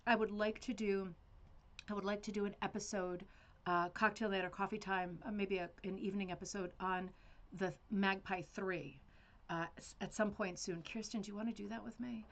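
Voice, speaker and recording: A woman's voice: mid-range voice, fairly even intonation, normal speed. A woman hosting a rug hooking club livestream, chatting casually and rambling with fillers and laughs.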